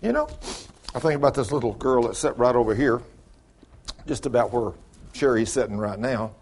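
A man preaching a sermon in folksy storytelling style, dropping to low mutters and rising to high exclamations. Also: fairly even intonation, brisk, darkish tone, a little hiss or hum. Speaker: pastor.

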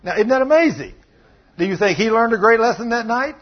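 A man preaching a sermon, telling a story and acting out the voices in it, with sudden loud bursts. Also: very high-pitched, expressive, brisk, slightly rough. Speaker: pastor. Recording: muffled lo-fi sound.

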